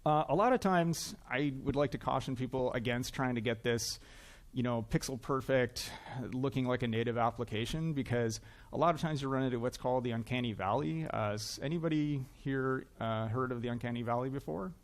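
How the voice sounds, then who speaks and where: His voice is medium-pitched and a bit fast as he stands on a conference stage in front of a live crowd. The Canadian speaker gives a lighthearted tech talk, chatting, making fun of himself, and saying uh often.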